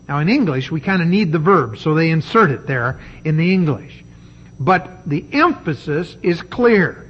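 Slow, husky-voiced male preacher. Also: on the high side, expressive, dull audio. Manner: emphatic, deliberate preaching with dramatic pauses. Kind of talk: sermon.

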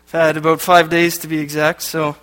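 A man's voice: fairly high pitch, monotone, fairly quick, a bit bright. A man from Canada giving a sermon, reading passages aloud and adding joking asides between them. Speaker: lay preacher. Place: church hall. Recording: echoey hall with long reverb.

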